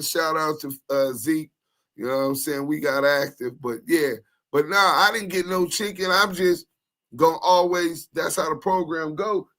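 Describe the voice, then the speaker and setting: Lively man telling a prison story. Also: on the high side. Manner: animated, slangy storyteller acting out quoted voices. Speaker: co-host. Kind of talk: casual storytelling chat.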